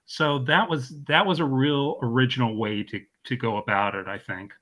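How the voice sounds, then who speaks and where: Male co-host, measured and reflective, medium pitch. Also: fairly bright tone. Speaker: podcast co-host. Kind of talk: casual chat.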